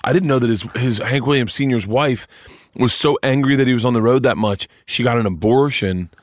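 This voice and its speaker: A middle-aged man talks in a relaxed, wandering podcast way, hopping between stories and searching aloud mid-sentence. His voice sits at an ordinary pitch for a man. The sound is dry and close. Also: a little fast, dry recording. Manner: rambling, loose storyteller who trails off and searches aloud. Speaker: comedian and podcast host. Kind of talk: casual podcast chat.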